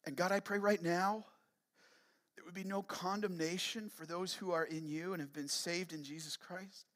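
A man preaching a sermon as pastor, fervent and emphatic, then settling into a soft, earnest prayer. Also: high-pitched, fairly even intonation, moderate pace.

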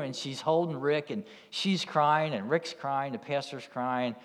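A man's voice: a little high, moderate pace, few pauses, long reverb tail. A man preaching a sermon as a pastor, telling a story in a conversational way. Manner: storytelling, conversational with "you know" asides. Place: church.

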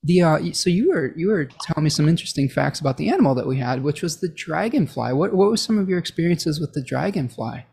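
A woman's voice: low-pitched, lively intonation, quick pace, gravelly, few pauses, a little mellow, slight background noise. Middle-aged woman, chatty podcast co-host, rambling astrology talk. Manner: rambling, chatty, laughs often. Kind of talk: casual astrology chat.

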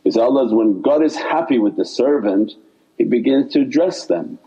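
A man's voice: mid-range voice, animated, moderate pace, dark tone, husky, highs cut off. A man teaching in an informal sermon, with meandering speech that repeats itself and loose phrasing. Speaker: religious teacher.

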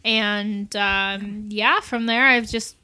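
Bright-voiced chatty woman guest. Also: mid-range voice, takes it slowly, smooth. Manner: animated, rambling, many fillers. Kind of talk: casual podcast chat.

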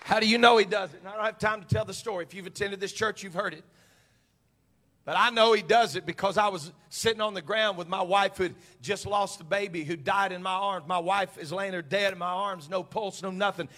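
A male pastor preaches to his church. His voice sits high and rings bright. He drops to near-quiet storytelling, then climbs to shouted, fervent climaxes. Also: steady tone, brisk, some chatter behind. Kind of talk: sermon. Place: church sanctuary.

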